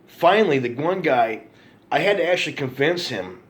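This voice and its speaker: A man's voice: a little high, lively intonation, normal speed. A man telling an angry, profane story to camera in a ranting monologue, repeating himself for emphasis. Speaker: vlogger.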